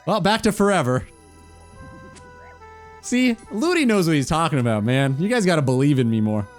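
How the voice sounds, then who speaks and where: A man's voice: a little high, sing-song, moderate pace, soft background music. A man chatting casually on a gaming stream, teasing and mock-incredulous.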